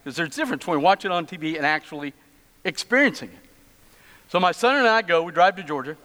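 A man's voice: a little high, lively intonation, fast, pushed and bright. A middle-aged male pastor preaching a sermon in a church, telling stories with humorous asides. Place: church sanctuary. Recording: long church reverb.

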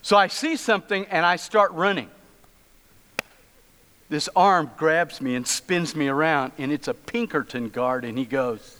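Bright-voiced man preaching in a reverberant church. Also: on the high side, measured pace, clean tone. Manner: storytelling with humorous asides. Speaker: pastor. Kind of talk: sermon. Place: church sanctuary.

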